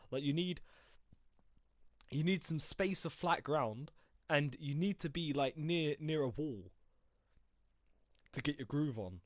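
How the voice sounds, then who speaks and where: A man's voice: a little high, lively intonation, slow pace, pauses often, no echo, clean studio sound. A man in casual chat with friends, explaining ideas earnestly and growing emphatic when challenged. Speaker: gaming chat co-host.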